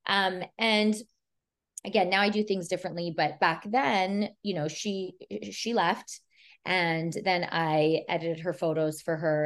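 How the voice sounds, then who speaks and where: A woman photographer chatting as a podcast guest. She tells stories casually, with lots of fillers, and slips into the voices of the people she describes. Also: on the low side. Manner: chatty, filler-heavy, retells scenes with quoted dialogue. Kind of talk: casual storytelling chat.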